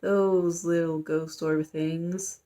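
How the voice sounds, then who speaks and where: A woman's voice: on the low side, level tone, drawn-out words, dark tone. A woman quoting a flustered, earnest schoolgirl in a slightly raised, whiny voice. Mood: grumbling.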